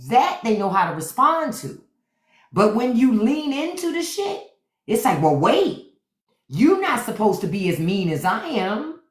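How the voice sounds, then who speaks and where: A woman's voice: on the high side, a bit bright. A woman hosting a livestream, giving blunt, profane, mocking commentary straight to her viewers. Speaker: livestream host. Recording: roomy echo.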